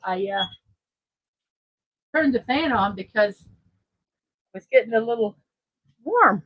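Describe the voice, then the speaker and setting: Slow-talking, chatty woman livestream host. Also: a little high, lively intonation, dry recording, dull audio. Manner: chatty and easily distracted, greets chatters one by one. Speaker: host of a daily morning livestream. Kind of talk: casual livestream chat. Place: room at home with a fan running.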